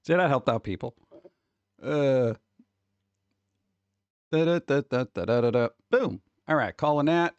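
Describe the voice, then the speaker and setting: A swearing, exasperated man rants on a casual livestream, sneering at the people he reads about and tossing off quick mocking impressions. His voice sits at an ordinary middle pitch, and the sound is close and dry with no room around it. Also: dry recording, dull audio. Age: adult who worked at a record store. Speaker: streamer reacting to advice posts.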